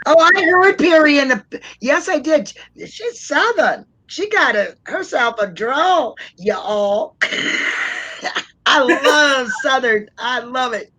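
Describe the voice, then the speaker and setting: Chatty woman with a low voice, laughing often. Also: animated, slow pace, pushed and bright. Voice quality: naturally low voice, pushed up when talking. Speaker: co-host of an online support talk. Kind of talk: casual live-stream chat.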